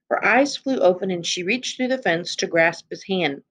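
A woman reading a children's novel aloud in a steady, expressive narration. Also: on the low side, moderate pace, hardly any pauses. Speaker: reader.

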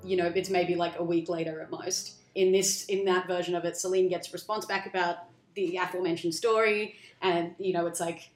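A woman chatting casually as a co-host, telling a story and acting out the characters' lines in quick voices. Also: lowish voice, faint music behind. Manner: animated, acts out characters' lines in quick voices, swears freely. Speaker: podcast co-host pitching a film story. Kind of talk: casual chat. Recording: roomy echo.

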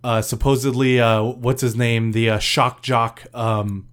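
A man's voice: mid-range voice, flat delivery, measured pace. A man chatting casually on a podcast, reacting to his co-host with short interjections and hesitating often with ums. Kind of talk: casual chat.

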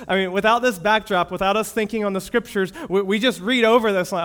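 A man preaching a sermon as pastor, moving between loud emphatic declarations and hushed, reverent passages. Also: high voice, steady tone, brisk, clear, resonant tone.

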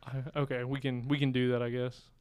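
Man, podcast co-host, monotone, smooth voice, deadpan rambling. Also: medium pitch, fairly quick. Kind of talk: casual chat.

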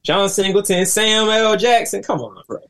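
A man's voice: sits high, expressive, moderate pace, a bit bright. A man co-hosting a casual podcast chat, laid-back with loose, filler-heavy talk.

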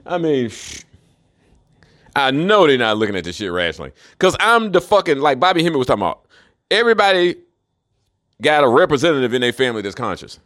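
A man's voice: a little high, sing-song, brisk, pauses often, a bit bright. A man in a rambling solo monologue, profane and mocking, who laughs often. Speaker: commentator.

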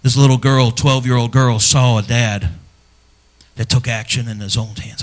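A middle-aged male pastor preaching in a church, voice at an ordinary middle pitch for a man. He talks earnestly and personally to the fathers in the pews, pushing some lines out loud and dropping others to a hushed near-whisper. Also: little pitch movement, normal speed. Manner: dynamic delivery, swinging from loud emphasis to hushed near-whispers. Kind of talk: sermon.

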